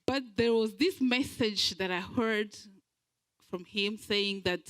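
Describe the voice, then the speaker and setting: A woman from Belgium giving a speech at a community event, earnest and halting, with frequent pauses as she searches for words. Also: medium pitch, low-quality recording. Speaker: guest speaker.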